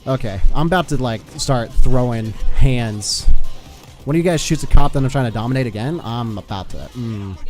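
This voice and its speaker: A man's voice: medium pitch, fast, few pauses, darkish tone, faint music behind. A young American man streaming a game, chatting loosely with teammates and swearing now and then. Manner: loose, swears, chats with teammates while playing. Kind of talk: casual gaming stream chat.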